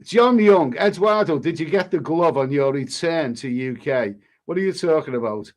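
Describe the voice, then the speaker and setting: A man's voice: fairly high pitch, animated, moderate pace. Cheeky man reading live chat. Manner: jokey, cheeky banter with frequent restarts. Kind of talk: casual live-stream chat.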